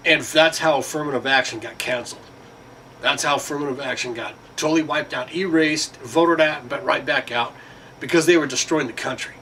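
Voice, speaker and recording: A vlogger with a sharp-toned, mid-range voice speaks fairly quickly in a casual monologue that rambles, swears freely, and is full of fillers. The mic is distant, with faint background noise.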